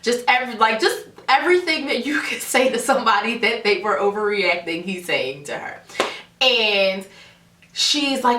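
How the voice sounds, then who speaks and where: Young woman vlogger, dramatic storyteller, bright and high, echoey room. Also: normal speed. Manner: animated, dramatic retelling. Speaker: beauty vlogger. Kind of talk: storytime vlog. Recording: roomy echo, a bit far from the mic.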